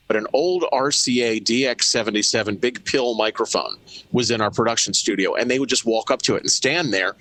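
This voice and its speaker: A man co-hosting a casual podcast, a former radio station owner who tells drawn-out, wry stories. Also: mid-range voice, fairly bright tone. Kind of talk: casual storytelling chat.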